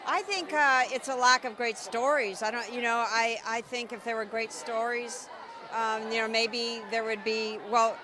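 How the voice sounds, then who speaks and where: A woman's voice: on the high side, fairly even intonation, normal speed. A woman answering an interview question outdoors in a hesitant, thoughtful way. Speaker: interview guest. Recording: outdoor crowd noise.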